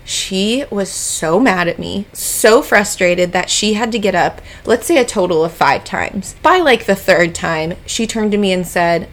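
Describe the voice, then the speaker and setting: A woman tells a story to her listeners, chatty and animated. Her voice sits at an ordinary middle pitch, and she keeps calling the audience y'all as she talks. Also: unhurried, hardly any pauses. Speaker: podcast co-host. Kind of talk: casual storytelling chat.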